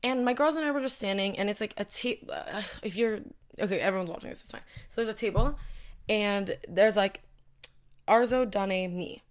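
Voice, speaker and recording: A woman's voice: medium pitch, normal speed. A young woman casually telling a long story to her audience, rambling with lots of asides and filler words. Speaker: host.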